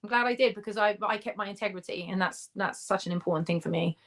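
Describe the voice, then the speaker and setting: A woman's voice: medium pitch, fast talker. An English woman speaking as an interview guest, chatty and candid, laughing often as she talks. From England. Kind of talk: casual interview chat. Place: remote call in the United States.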